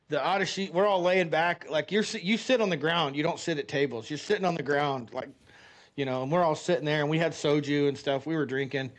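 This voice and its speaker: An American man streaming a game, telling a rambling story in casual chat and swearing freely. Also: on the high side. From United States. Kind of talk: casual gameplay commentary with storytelling.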